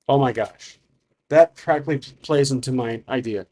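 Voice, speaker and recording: A man's voice: a little high, a little fast, darkish tone. Man thinking aloud through a solo game. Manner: thinking aloud, frequent restarts. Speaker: solo game master and player. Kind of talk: narrating a solo tabletop game.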